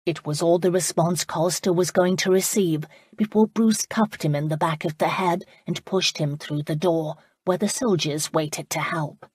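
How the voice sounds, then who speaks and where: A woman reading a historical romance audiobook in calm, even scripted narration. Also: on the low side, moderate pace, few pauses, slightly rough, dry recording, studio quality.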